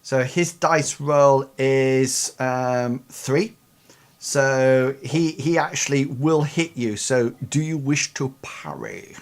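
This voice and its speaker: Guy gm-ing a tabletop game, lots of ums, kinda halting, middle voice. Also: mid-range voice. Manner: hesitant, many ums while explaining rules. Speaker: game master.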